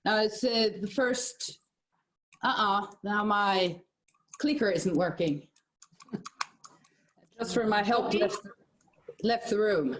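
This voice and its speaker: A woman's voice: medium pitch, slow pace, long pauses, slight background noise. Woman giving a webinar talk. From Norway. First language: Norwegian. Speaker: guest speaker. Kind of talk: giving a presentation.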